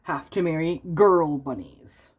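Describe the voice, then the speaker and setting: A booming, pompous male stink bug from a storybook, drawing out each word slowly and loudly to lay down his rules, as a woman reads him. His voice sits low. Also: husky, heavily acted. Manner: slow, loud, booming.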